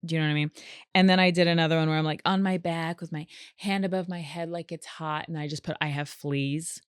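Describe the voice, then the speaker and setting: Chatty woman podcaster, smooth low voice. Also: quick pace, no echo, studio quality. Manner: chatty and animated, acts out quoted voices. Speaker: podcast host. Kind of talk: solo comedic podcast monologue.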